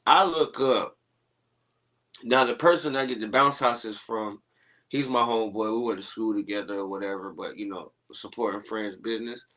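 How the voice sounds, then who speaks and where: A man telling stories in casual podcast chat, animated and laughing, acting out what he and others said. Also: on the low side, normal speed, muffled recording. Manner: animated, laughing storyteller, acts out his own quotes. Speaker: guest.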